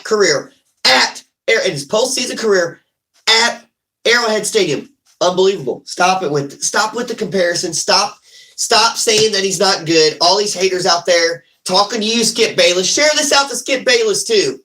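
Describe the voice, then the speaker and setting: Excitable high-voiced sports fan man. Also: low-quality recording. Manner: animated, ranting, repeats himself. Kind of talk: excited fan recap talk.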